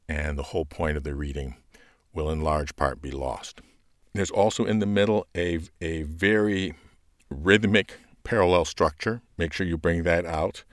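Man, very low voice, dry close sound, casual teaching tone, podcast host. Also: no room sound. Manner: conversational, with fillers, shifts to loud proclaiming when reading scripture. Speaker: podcast host coaching scripture readers.

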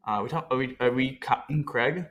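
A man's voice: mid-range voice, fairly quick, fairly bright tone. A man co-hosting a casual sports podcast, rambling and talking himself through trivia answers. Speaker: podcast co-host.

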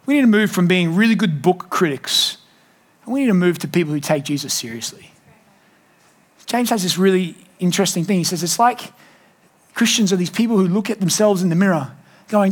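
Male pastor, high voice, emphatic sermon delivery with humor. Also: fairly quick. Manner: animated, emphatic preaching with rising bursts; jokey asides.

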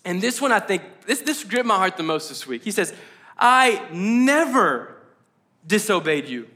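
Male pastor, high voice, casual chatty sermon, lots of likes and ums. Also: expressive, fast, pushed and bright. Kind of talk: conversational sermon. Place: church service.

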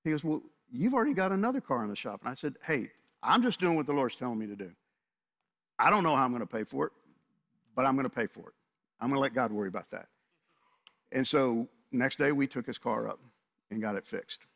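A man's voice: mid-range voice, fairly quick, creaky, long pauses, fairly bright tone. A male pastor preaching a sermon, telling a story and acting out both sides of the conversations.

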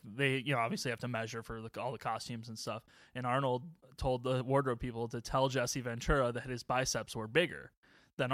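A man's voice: medium pitch, fairly bright tone, no room sound, clean studio sound. A man co-hosting a casual movie podcast, rambling with many restarts and frequent chuckles. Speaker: podcast co-host.

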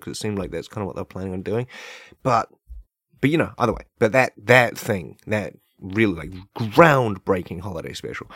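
Low-voiced man riffing in mock earnest. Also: no room sound, studio quality. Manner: mock-earnest, tongue-in-cheek praise of absurd ideas; loose, filler-heavy riffing with many "like" and "right?". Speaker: podcast host. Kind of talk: rambling comedic monologue. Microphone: podcast microphone.

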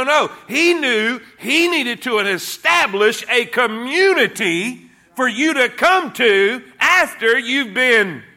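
A man's voice: very high-pitched, bright, forceful tone. A man preaching a sermon, praying and then teaching with fervent call-and-response. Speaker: pastor.

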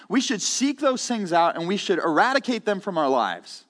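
A man's voice: sits high, animated, brisk, few pauses, a bit bright, big-room sound. A man preaching a conversational sermon in a church, earnest and candid, often repeating words as he goes. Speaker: pastor. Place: church sanctuary.

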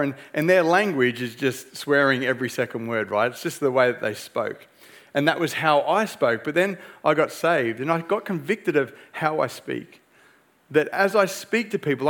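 A man's voice: mid-range voice, fairly bright tone. A middle-aged man, a pastor, preaching a sermon in an earnest, conversational way, often asking "right?".

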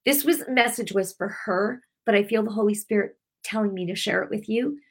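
A woman's voice: medium pitch, a little fast, breathy edge. A middle-aged woman preaching on her weekly broadcast, telling a personal testimony in an emotional, rambling way with many restarts. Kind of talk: heartfelt sermon with personal testimony.

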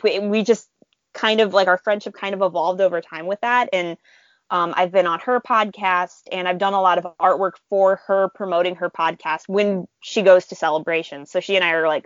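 Woman guest, fan artist, lively storyteller, muffled close mic. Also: fairly low pitch, no room sound. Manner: animated, chatty, frequent laughs and fillers. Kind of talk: casual storytelling interview.

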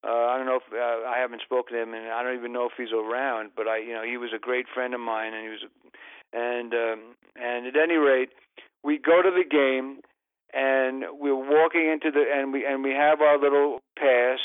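A man's voice: medium pitch, level tone, normal speed, clear, resonant tone, no room sound, narrow, tinny audio. A man telling long comic anecdotes as a podcast guest, rambling and interrupting himself. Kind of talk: casual storytelling.

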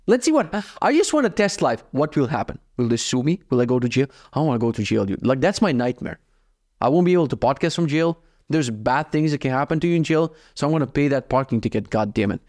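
A young man from Croatia rattles through his day at a quick clip, swearing freely. He acts out both sides of every conversation in an animated podcast monologue, with his voice sitting at an ordinary middle pitch. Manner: profane, animated, acts out his own dialogue. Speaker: podcast host. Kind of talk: casual storytelling monologue.

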